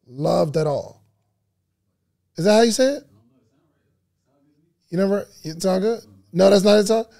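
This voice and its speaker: A man's voice: sits high, gravelly, darkish tone. A man hosting a live-stream podcast, reacting animatedly to the chat and stretching out his questions. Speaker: podcast host.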